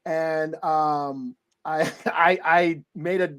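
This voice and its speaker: A man's voice: on the high side, fairly even intonation, extremely slow, a bit bright. A man co-hosting a comic book podcast, telling stories in a laid-back way and laughing often. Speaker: podcast co-host. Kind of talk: casual chat.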